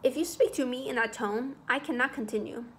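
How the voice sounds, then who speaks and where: A woman's voice: high-pitched, fairly quick, lightly acted. A prim, nervous schoolmaster, put on by a woman reader, frets and lectures in a raised, tight voice. He sounds scandalized by everything, storybook style, with a faint hiss of noise behind him. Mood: indignant. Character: fussy anxious old-fashioned male schoolmaster.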